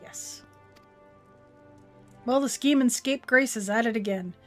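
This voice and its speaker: A woman's voice: on the high side, a little slow, faint music behind, natural voice. A woman reading the lines of a stern farm overseer from a video game aloud, in an old-fashioned rustic way. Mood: earnest. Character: stern farm overseer vowing to punish a rogue.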